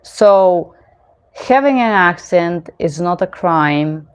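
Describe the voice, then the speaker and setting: A woman's voice: on the low side, lively intonation, takes it slowly, clean tone. A woman who is an interpreter and channel host, speaking frankly to viewers in a Q&A talk, with English that is not her first language.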